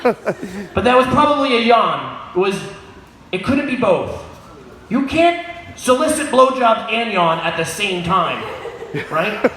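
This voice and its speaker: A man doing a crude, crowd-baiting stand-up set on a pub stage, often shouting at the audience. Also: high voice, big pitch swings, slow pace, long pauses. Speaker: stand-up comedian. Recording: echoey room with crowd noise.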